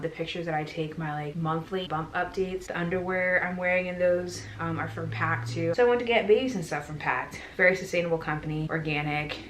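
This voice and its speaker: A woman's voice: fairly low pitch, a bit bright. A young pregnant woman chatting casually and gushing as she shows off baby clothes, a little out of breath. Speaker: vlogger. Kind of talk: casual haul chat. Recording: echoey room with faint noise.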